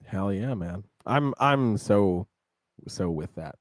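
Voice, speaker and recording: A man's voice: lowish voice, animated, slow pace, no echo, studio quality. A man co-hosting a podcast in casual chat, laid-back and laughing easily. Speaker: podcast co-host.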